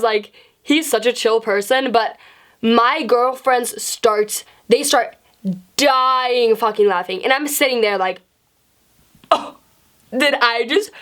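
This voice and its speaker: A young woman with a fairly high voice tells a casual storytime. She is animated and rambling, swears freely and fills her talk with "like". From Sweden. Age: young adult. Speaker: vlogger.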